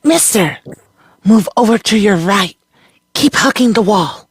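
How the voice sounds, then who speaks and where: A reader putting on a sharp, urgent young girl. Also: medium pitch, expressive, measured pace, slightly rough, no echo, voice pushed up. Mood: urgent whisper-call. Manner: urgent, insistent calls. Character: sharp-voiced young girl hiding in the wall.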